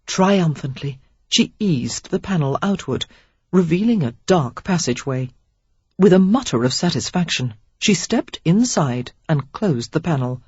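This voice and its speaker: Expressive woman reading a novel. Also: sits low, breathy edge, dry recording, dull audio. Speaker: audiobook narrator. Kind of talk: scripted narration.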